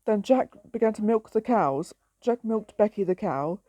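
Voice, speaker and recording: A woman's voice: medium pitch, animated, moderate pace, mellow, no room sound. A woman reading her own story aloud in a plain, simple storytelling way.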